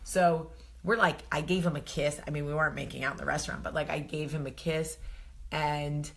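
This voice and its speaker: A woman in her thirties with a New Jersey accent, telling a story to camera in a casual vlog, animated and often laughing. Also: deep voice, a little fast, vocal fry. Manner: animated, swings to loud exclaiming, laughs often. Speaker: vlog host.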